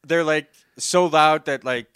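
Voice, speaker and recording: A man's voice: a little high, a little slow, a bit bright, clear, resonant tone. A young man telling a story in casual chat, rambling with lots of "like", laughing often and acting out the voices.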